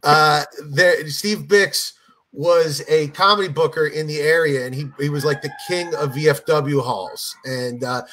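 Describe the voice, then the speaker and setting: A man's voice: on the high side, a little slow. A man, a comedian guest, telling stories in casual chat and acting out the people he quotes. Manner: animated storyteller, acts out quoted voices. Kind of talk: casual podcast storytelling.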